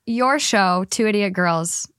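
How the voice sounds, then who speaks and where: A woman's voice: mid-range voice, takes it slowly, a bit bright, smooth, dry recording, studio quality. A woman hosting a podcast, reading out comments and reacting frankly in casual chat. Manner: reads out comments, gossipy and frank. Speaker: podcast host.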